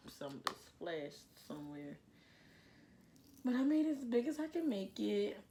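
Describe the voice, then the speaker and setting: A woman's voice: mid-range voice, very animated, a little slow, dark tone, slight background noise. A young woman vlogging a hair care tutorial at home into a plugged-in microphone, chatty and self-mocking, openly nervous as she works. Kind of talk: casual tutorial chat.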